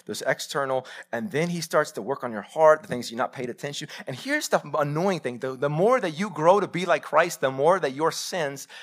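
A man, preaching a live sermon and telling stories directly to his congregation. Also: mid-range voice. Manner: animated storytelling, addresses congregation directly. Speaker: pastor. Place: church sanctuary.

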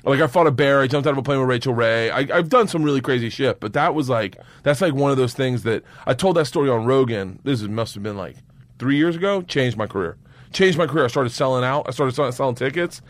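A man telling a comedic story as a podcast guest. His pitch swings widely and his talk is profane and animated. He breaks into big bursts of laughter. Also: fast talker.

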